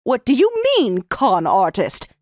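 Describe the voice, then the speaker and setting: In studio quality with no room sound, a mid-range, slightly mellow synthetic female voice with big pitch swings reads a text-to-speech story at a measured pace. She speaks as a tired young wife who is defiant and answers back firmly and pointedly.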